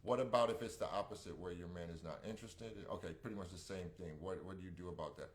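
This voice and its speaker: Deep-voiced man, relaxed podcast co-host. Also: fast talker, slight background noise. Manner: relaxed, rambling with restarts and slang. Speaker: podcast co-host reading live comments. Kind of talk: casual chat.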